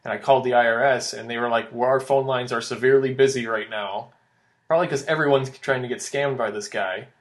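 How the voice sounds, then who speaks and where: A man's voice: medium pitch, fairly even intonation, quick pace. A young man co-hosting a casual podcast, telling a long story with lots of fillers and restarts. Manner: rambling storytelling with many fillers. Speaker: podcast co-host.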